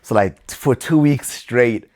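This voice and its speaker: Unhurried and a little mellow, this young man's mid-range voice carries a casual podcast conversation where he's a co-host. He talks things through with care, frequently starting his sentences over.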